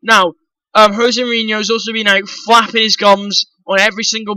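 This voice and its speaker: A football vlogger rants bluntly about transfer news, swearing freely and calling his viewers guys. His voice sits high and bright with a forceful tone, delivered flat and a little fast. The recording is dry and low in quality.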